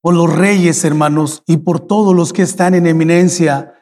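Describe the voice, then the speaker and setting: A middle-aged man with a Spanish accent preaches a fervent bilingual sermon, his voice sitting unusually high. He pleads and repeats his phrases. A long reverb from the church hall trails after his words. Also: fairly even intonation, brisk, a little mellow.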